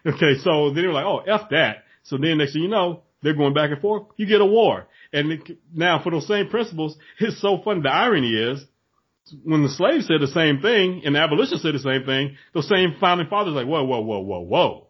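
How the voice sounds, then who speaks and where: A man talking in an animated casual chat, acting out voices in his stories. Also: a little high, a little fast, slightly rough. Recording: dull lo-fi recording.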